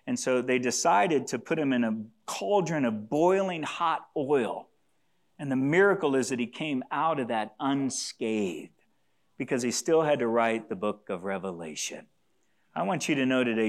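A man's voice: mid-range voice, animated, moderate pace. A man preaching a sermon to a congregation, earnest and repeating key phrases for emphasis, sometimes asking listeners to say lines back to him. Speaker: pastor.

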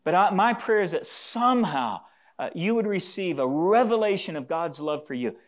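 A pastor delivers an earnest sermon in a fairly high male voice. He leans on repetition, circling back to key phrases, and invites the congregation to say lines aloud with him.

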